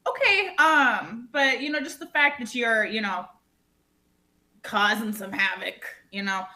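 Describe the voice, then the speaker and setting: A woman's voice: fairly high pitch, a little slow, bright, forceful tone. A woman improvising a flustered, rambling bride planning an island wedding, in live improv comedy. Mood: exasperated. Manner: rambling, flustered, full of fillers.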